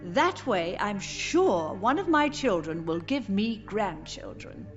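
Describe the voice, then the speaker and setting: A woman voicing a grieving elderly mother in a game, speaking softly and tenderly, with a gentle, sorrowful manner. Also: medium pitch, big pitch swings, takes it slowly, lo-fi sound, over music. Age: older. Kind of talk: game voice acting.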